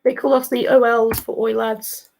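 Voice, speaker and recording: A woman's voice: fairly high pitch, little pitch movement, normal speed, creaky, darkish tone, slight background noise, rough recording. A woman chatting casually on a live stream. She rambles, jokes and gets easily sidetracked.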